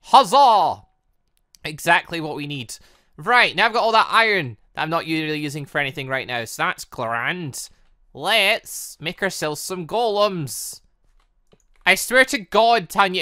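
A young man chats his way through a Minecraft let's play with a bright, lively voice that leaps up and down as he jokes. He scolds and coaxes the villagers in the game in a casual, joking manner. His close desk mic sounds dry, with keyboard clicks in the background. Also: a little high, normal speed, dry recording. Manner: chatty, jokey, talks to villagers in the game. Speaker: gaming YouTuber.

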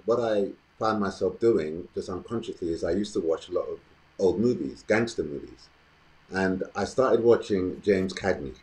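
Deep-voiced man, thoughtful. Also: a little mellow, low-quality recording. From London, England. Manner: thoughtful, measured, with frequent ums. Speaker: actor and guest. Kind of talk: reflective interview storytelling.

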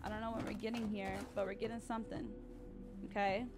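A woman streaming a horror game, chatting excitably, cursing a lot and shrieking when scared. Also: medium pitch, quick pace, vocal fry, over music. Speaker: gaming streamer. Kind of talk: live let's-play commentary.

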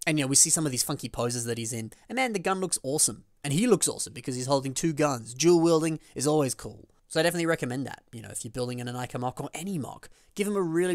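Host, male, mid-pitched, excitable, casual build commentary, dead-dry booth sound. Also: no echo. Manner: enthusiastic, with big pitch jumps on emphasis; chatty, with frequent fillers and restarts.

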